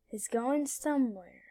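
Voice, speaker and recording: A young woman talks over her gameplay in a high, bright voice, casual and excitable. She repeats herself when things get tense, slipping from near-whispers to loud shouts. The recording is close and dry, with no room sound. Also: no echo. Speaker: gaming YouTuber.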